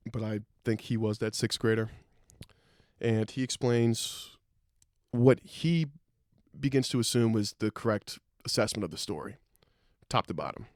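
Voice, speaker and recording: A man hosting a podcast, telling a wry anecdote in an animated, profane way. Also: on the low side, dry recording, studio quality. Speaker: podcast host. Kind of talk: storytelling anecdote.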